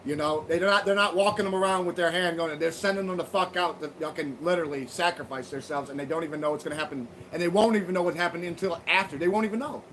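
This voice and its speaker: Hosting a livestream from home, a man goes on a profane, rambling monologue, swearing heavily, speaking bluntly, and restarting often. His pitch is fairly high and his tone fairly bright, with slight background noise.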